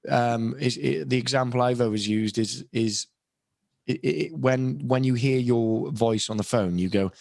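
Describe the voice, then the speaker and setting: A man's voice: medium pitch, a little slow, vocal fry, darkish tone, no echo, clean studio sound. A young British man with a British accent, a voice actor and impressionist chatting on a podcast in a rambling, self-deprecating way with many restarts. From Britain. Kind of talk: casual podcast chat.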